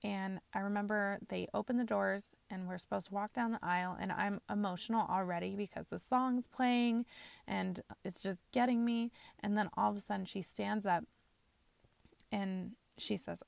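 A woman's voice: mid-range voice, moderate pace, vocal fry, no room sound. A woman in her twenties hosting a podcast, telling a personal story candidly with frequent fillers. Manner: candid, frequent fillers, laughs while talking. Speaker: podcast host.

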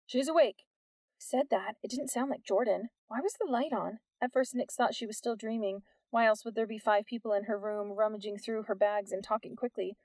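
A woman reading a novel aloud as the narrator, telling it at a steady storytelling pace. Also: mid-range voice, brisk, few pauses, no room sound.

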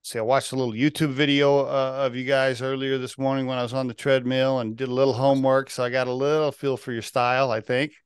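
A man's voice: mid-range voice, level tone, quick pace, hardly any pauses, smooth, dry recording, studio quality. A man hosting a podcast, talking loosely and rambling with lots of fillers like uh and you know. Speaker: podcast host. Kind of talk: casual interview chat.

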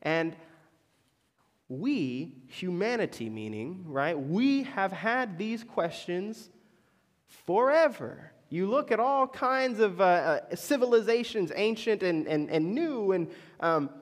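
A man's voice: high-pitched, sing-song, takes it slowly, big-room sound. A man preaching a sermon, telling stories and checking in with his listeners with "right?" after many lines. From Florida, US. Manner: storytelling, keeps checking in with "right?". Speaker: pastor.

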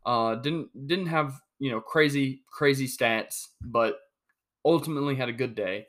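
A young man hosting a solo sports podcast, talking in an animated, joking way with many restarts. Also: mid-range voice, measured pace. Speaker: podcast host.

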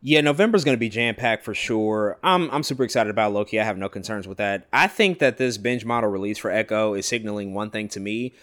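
A man's voice: on the low side, fairly bright tone. A man co-hosting a pop culture podcast, talking through entertainment news in a casual, analytical way. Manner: brisk, analytical, rambling asides. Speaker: podcast co-host.

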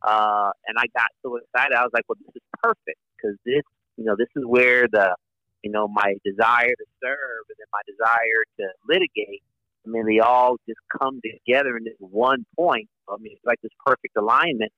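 A man's voice: medium pitch, moderate pace, bright, forceful tone, dry recording, highs cut off. A man in his forties, a Navy lawyer, telling his story in a casual interview with many fillers and restarts. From United States.

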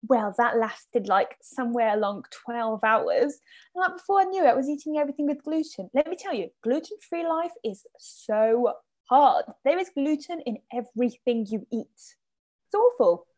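A woman's voice: a little high, animated, normal speed, darkish tone. A woman in her twenties co-hosting a chatty podcast, bubbly and theatrical, laughing often between lines. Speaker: podcast co-host. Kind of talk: casual chat.

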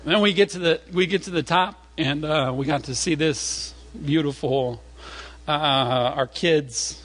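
A man preaching a sermon through an animated personal story, acting out voices along the way, chatty and full of fillers and restarts. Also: a little high, unhurried. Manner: animated, acts out voices in stories. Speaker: pastor.

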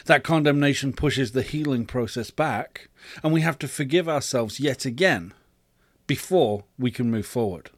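A man's voice: mid-range voice, expressive, moderate pace, no echo, clean studio sound. Earnest man giving a faith talk. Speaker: podcast host. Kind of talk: reflective faith teaching.

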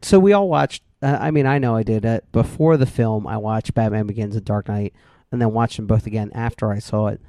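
A man with a warm, mellow voice talks over a film in casual podcast chat, full of "like" fillers as he spins a story. The sound is dry and close, with no room around it. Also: fairly low pitch, a little fast, few pauses, no echo. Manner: animated storyteller, lots of "like" fillers.

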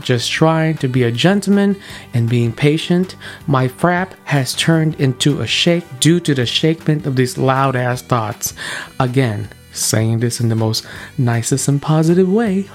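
A young man in his twenties hosting a podcast, telling a story in an animated, playful, self-mocking way. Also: fairly high pitch, unhurried, soft background music. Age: 20s. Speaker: podcast host.

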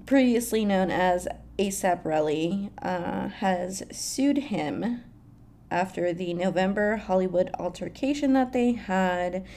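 A woman's voice: medium pitch, warm tone. A young woman hosting a casual pop culture chat, swearing freely and laughing often. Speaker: pop culture podcast host. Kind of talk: casual celebrity news chat.

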